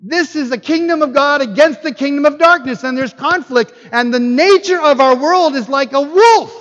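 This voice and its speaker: High-voiced male preacher in an echoing hall. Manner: animated, joking preacher who asks the audience questions. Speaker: guest pastor. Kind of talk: sermon. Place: church hall. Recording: dull lo-fi with long hall reverb.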